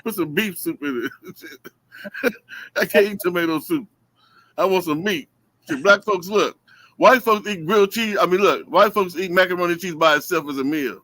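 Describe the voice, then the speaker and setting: A man with a high, excitable voice telling loud, profane comedy stories over a video call. He talks animatedly and laughs through his lines. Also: moderate pace, no echo, poor audio. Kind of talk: stand-up storytelling on a video call.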